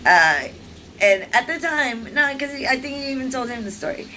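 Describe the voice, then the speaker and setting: Over slight background noise and poor audio, a woman vlogger with a high voice talks at a normal speed, telling a personal story in a casual, rambling way. She's lively, full of fillers and restarts, and acts out what other people said.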